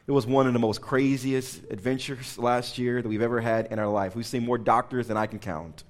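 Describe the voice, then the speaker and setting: Guy preaching in church, animated story mode, keeps asking the crowd stuff, mid-pitch voice. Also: brisk. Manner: animated storytelling with asides to the congregation. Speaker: pastor. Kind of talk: sermon with personal story.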